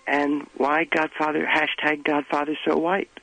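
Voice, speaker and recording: A man doing an earnest, gravelly pop star. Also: on the high side, level tone, unhurried, pushed and bright, slight background noise, poor audio. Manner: earnest, rambling, slips into film-quote impressions. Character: late adult male pop star, earnest and self-important. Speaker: radio comedy bit performer. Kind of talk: morning radio comedy sketch.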